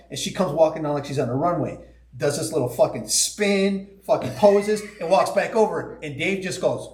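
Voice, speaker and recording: Man, podcast guest, profane storyteller, slightly high pitch, roomy echo. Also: normal speed. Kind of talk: casual storytelling chat.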